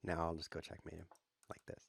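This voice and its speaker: A man with a lowish voice commentates his own online chess games, rambling through deadpan jokes and silly asides. His voice sits close and dry on the mic, with no room sound around it. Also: brisk, vocal fry, slightly rough, no room sound. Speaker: chess streamer. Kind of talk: playful live commentary while playing.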